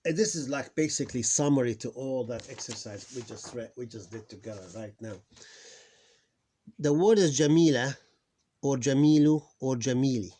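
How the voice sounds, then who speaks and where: A man's voice: medium pitch, mellow. Man teaching reading, patient and self-correcting. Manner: patient, repeats words slowly, self-correcting. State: tired. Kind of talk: informal recorded lesson.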